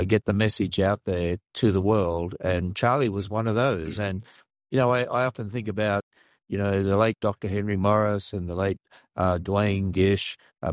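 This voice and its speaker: Older aussie guy, low voice, earnest, stops and restarts a lot, dry sound. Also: dry recording. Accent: Australian. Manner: earnest, measured, halting with restarts. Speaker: guest, creationist ministry leader. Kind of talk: radio interview.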